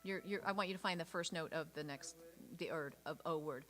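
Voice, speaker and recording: A woman's voice: low-pitched, brisk. A woman directing a choir rehearsal, counting beats aloud and singing parts to show them, encouraging and patient. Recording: rehearsal room with piano behind.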